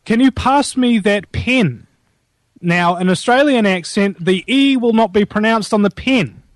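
Joking guest, New man, high for a man, crude banter, dry close sound. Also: unhurried, dry recording. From New Zealand. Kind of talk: casual talk show chat.

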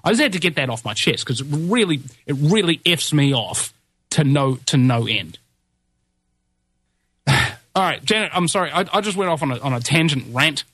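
A man's voice: on the high side, animated, moderate pace, a bit bright, breathy edge, no room sound. A man hosting a talk show, ranting with heated emphasis. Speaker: show host.

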